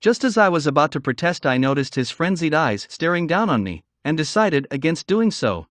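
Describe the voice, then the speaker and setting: A man's voice: a little high, moderate pace, dry recording. Male audiobook narrator, dry sound. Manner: steady reading with occasional slips. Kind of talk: first-person novel narration.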